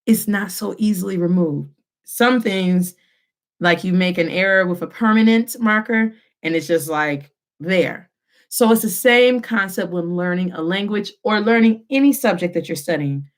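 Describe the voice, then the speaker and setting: A young adult woman teaching a live online Spanish lesson, lively and switching between English and Spanish as she drills repetition. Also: on the low side, a little slow.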